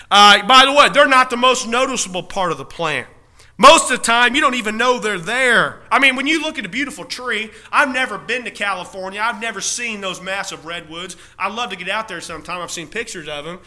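High, bright, emphatic male preacher. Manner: emphatic, rhetorical questions, repeats key phrases; drawn-out punch words. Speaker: pastor. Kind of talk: sermon.

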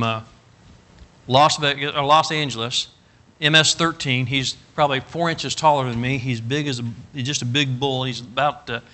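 A middle-aged man preaching a storytelling sermon, folksy and animated, rising to loud emphatic bursts. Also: mid-range voice. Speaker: pastor.

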